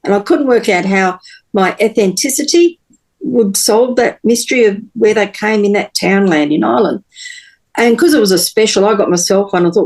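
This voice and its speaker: A woman, a podcast guest telling her personal story in an earnest, halting way with many pauses and restarts. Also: mid-range voice, expressive, darkish tone, rough recording.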